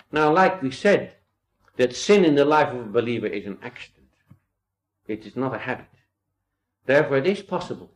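A man preaching an expository Bible sermon, reading old-style scripture aloud and stressing key points with earnest rhetorical questions. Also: medium pitch. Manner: quotes old-style scripture and builds to emphatic rises.

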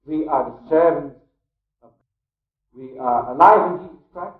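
A man preaching a Bible teaching sermon, emphatic, with rhetorical questions and repeated key phrases. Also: high-pitched. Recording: echoey room on a tinny phone-like line.

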